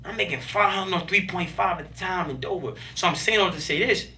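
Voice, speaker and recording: A man with a high, bright voice tells stories as a podcast guest, animated and emphatic, full of street slang. He sits a little back from the microphone. His voice often jumps up in excited bursts. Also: fairly quick, recorded from a distance, slight background noise. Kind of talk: casual interview storytelling.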